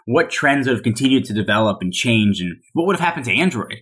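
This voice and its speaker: A man's voice: medium pitch, quick pace, husky. A man guest on a tech podcast, talking casually and animatedly with many "like"s and restarts. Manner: animated, filler-heavy storytelling.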